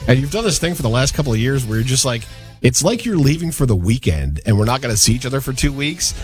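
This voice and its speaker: A man's voice: mid-range voice, big pitch swings, fast, soft background music. A man co-hosting a radio show, teasing his partner in a playful way during casual banter. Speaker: co-host.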